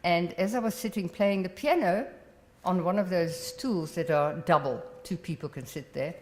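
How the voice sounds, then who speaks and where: Older woman, south african accent, dutch-born, telling her story slow and plain, big echoey hall. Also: lowish voice, darkish tone. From Netherlands. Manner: plain, unhurried storytelling with restarts. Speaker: Holocaust survivor speaker. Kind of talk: personal testimony talk. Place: college exhibit hall. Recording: roomy hall with long reverb.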